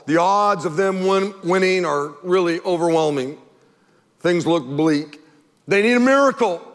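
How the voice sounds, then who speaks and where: A man preaching a sermon as pastor, animated and emphatic, firing off rhetorical questions at his congregation. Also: fairly high pitch, big-room sound.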